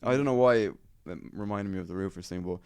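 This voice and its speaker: Brief: young male comic, lowish voice, rambling sweary anecdote style. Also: quick pace, darkish tone, smooth, no room sound. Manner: rambling, sweary, lots of fillers. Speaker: comedian podcast co-host. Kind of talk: casual storytelling chat.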